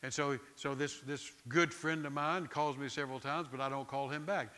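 A middle-aged pastor, preaching in a conversational, storytelling way and often repeating words. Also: male voice, medium pitch, fairly even intonation, normal speed, sharp tone, clear, resonant tone. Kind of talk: sermon.

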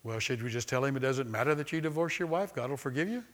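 A man's voice: mid-range voice, animated, quick pace. A male pastor preaching a sermon. He moves between reading passages aloud from a book and talking informally to the congregation, asking them questions and having them repeat a line back. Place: church sanctuary with a live congregation.

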